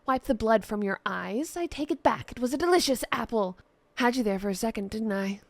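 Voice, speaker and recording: A woman's voice: on the high side, expressive, fairly quick, vocal fry, dry recording. A woman voicing a theatrical male jester and priest who talks in playful, rambling banter.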